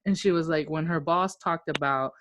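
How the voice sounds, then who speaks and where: A woman's voice: sits low, normal speed, fairly bright tone, slight background noise. A woman from Okinawa co-hosting a podcast, telling stories in casual chat, swearing freely and acting out the voices of the people she quotes. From Okinawa, Japan. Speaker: podcast co-host.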